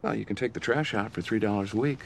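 A patient, fair middle-aged TV dad, setting terms in a calm, matter-of-fact way. His voice sits very low with a gravelly edge and comes out in quick, clipped phrases. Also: a little hiss or hum. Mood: firm. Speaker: father. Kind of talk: TV drama acting.

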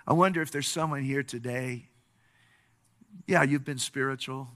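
A man's voice: mid-range voice, moderate pace, fairly bright tone. A pastor preaching a sermon, telling stories and building to earnest, impassioned appeals to his congregation.

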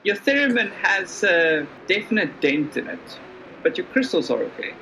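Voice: mid-range voice, big pitch swings, normal speed, bright, forceful tone, rough recording. Game master, easygoing narration, slight background hum.

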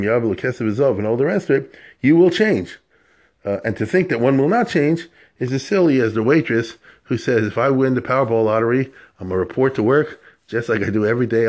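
A man giving a conversational Torah lecture, animated, full of rhetorical questions and Hebrew terms. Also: medium pitch.

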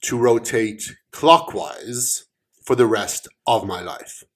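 A man voicing a strange guy who states his odd wishes slowly and deliberately. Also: medium pitch, a bit bright, slightly rough.

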